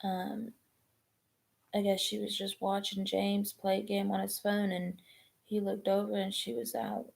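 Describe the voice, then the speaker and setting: A woman, chatting casually on a live stream, rambling and halting with many ums and restarts. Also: mid-range voice, flat delivery, vocal fry, darkish tone. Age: 20s.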